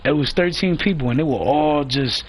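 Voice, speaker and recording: A man's voice: fairly high pitch, normal speed, a little hiss or hum, rough recording. A man telling a heated, profane story about an online crew feud, acting out what others said. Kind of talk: casual storytelling rant.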